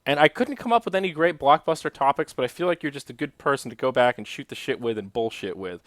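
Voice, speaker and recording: A man's voice: medium pitch, lively intonation, fast, fairly bright tone, no echo, studio quality. A young man hosting a solo podcast, chatting casually and loosely, with frequent swearing and asides to his chat. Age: young adult. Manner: rambling, profane, talks to chat. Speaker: podcast host.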